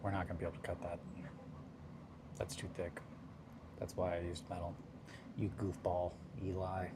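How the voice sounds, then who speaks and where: This man has a low voice and a completely flat delivery at normal speed, recorded against a noisy background. Crafting on a casual hobby stream, he rambles, makes self-deprecating remarks and laughs a lot while he works.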